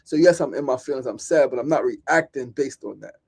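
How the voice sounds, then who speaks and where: A man's voice: mid-range voice, a little fast, vocal fry, a little mellow, husky. A man hosting a podcast, giving an impassioned solo monologue, swearing and repeating phrases. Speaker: podcast host.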